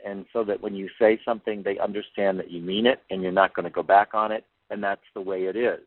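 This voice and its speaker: A man's voice: on the low side, steady tone, fast talker, no echo. An older man, a figure skating coach, answering interview questions in an earnest, plainspoken way, often repeating words as he thinks. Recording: tinny phone-line sound, dry.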